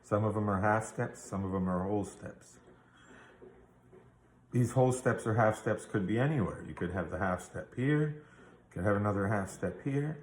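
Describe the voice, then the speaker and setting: A man's voice: fairly low pitch, moderate pace, reverberant, a little hiss or hum. A man teaching a guitar theory lesson, explaining patiently step by step and checking in with the listener. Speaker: music teacher.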